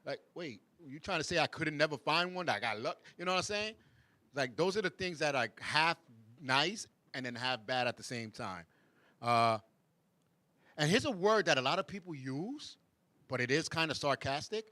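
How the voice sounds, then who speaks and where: Male host, casual banter, animated with mock voices, dry room. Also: on the high side, normal speed, long pauses, no room sound. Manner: animated, mocks backhanded compliments in sing-song voices, laughs often. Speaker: show host. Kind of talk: casual chat.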